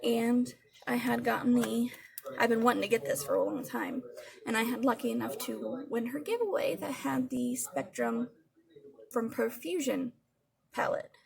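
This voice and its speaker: Woman vlogger, slightly high, gravelly fry, crowd murmur behind, loose rambling review. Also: normal speed. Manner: chatty, rambling, swears casually. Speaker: beauty vlogger. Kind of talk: casual product review.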